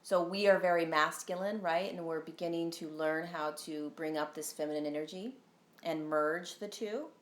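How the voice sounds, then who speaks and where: A woman's voice: low-pitched, fairly even intonation, moderate pace, reverberant. A woman talking casually on a live stream as a spiritual teacher, earnest and rambling, with frequent ums and tag questions. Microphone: phone.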